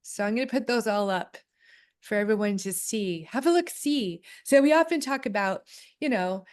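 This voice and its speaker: A woman's voice: mid-range voice, animated, moderate pace, a little mellow. A woman co-hosting a casual chat on clan history and family research, often reading aloud from a booklet. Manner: chatty, reads aloud from a booklet. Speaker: co-host.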